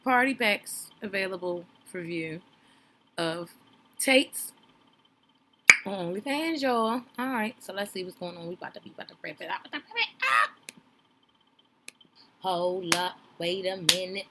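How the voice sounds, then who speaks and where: A woman's voice: mid-range voice, lively intonation, a little slow, pauses often, noisy background. A woman giving casual, playful reaction commentary on a reality show, talking straight to her viewers in a slangy, chatty way. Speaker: reaction streamer.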